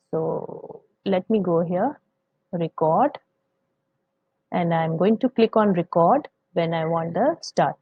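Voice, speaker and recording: A woman teaching a software tutorial, patiently explaining each step as she goes. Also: fairly low pitch, breathy edge, dry recording, dull audio. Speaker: coding teacher. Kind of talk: screen-recorded software tutorial.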